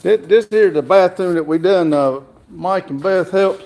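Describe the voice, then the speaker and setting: A man co-hosting a casual livestream, talking quietly and haltingly while showing his building work. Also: sits high, vocal fry. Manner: soft-spoken, halting, many fillers.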